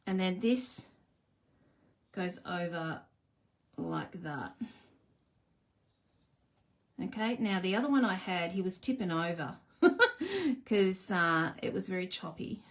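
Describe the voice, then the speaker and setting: A woman's voice: lowish voice, sing-song, takes it slowly, pauses often. Chatty woman crafting live. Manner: chatty, self-deprecating, talks to viewers while working. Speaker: crafting live stream host. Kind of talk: casual live crafting demo.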